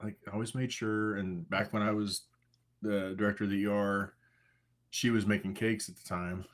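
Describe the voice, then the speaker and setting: A man co-hosting a casual livestream chat, relaxed and teasing, reading out viewer comments. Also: fairly low pitch, normal speed. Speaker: co-host, husband.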